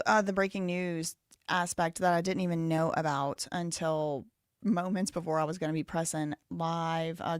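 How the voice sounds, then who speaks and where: A woman's voice: fairly low pitch, no echo, clean studio sound. A woman in her thirties hosting a live stream, rambling casually and thinking aloud with lots of "like" fillers. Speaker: livestream host.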